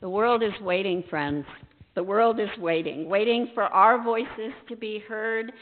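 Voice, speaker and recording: A woman pastor giving a storytelling sermon in a church sanctuary, unhurried, acting out her own hesitant, self-deprecating lines. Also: medium pitch. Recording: echoey church over a tinny line.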